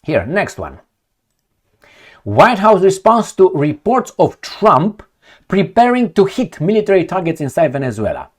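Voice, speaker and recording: A man's voice: high voice, very animated, unhurried, breathy edge. A middle-aged man from Romania, giving blunt, sardonic, unscripted commentary on news headlines. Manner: blunt and sardonic, storytelling asides. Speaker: political commentator.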